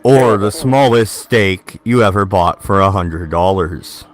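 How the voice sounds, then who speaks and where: A man trading dry, deadpan quips in a casual podcast chat. His low voice stays in a monotone, and he speaks very slowly. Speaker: podcast co-host.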